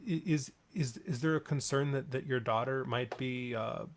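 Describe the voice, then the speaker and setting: Male host, earnest and halting, mid-pitched ordinary voice, lots of ums. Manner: halting, earnest, many fillers. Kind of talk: hosting an online song swap.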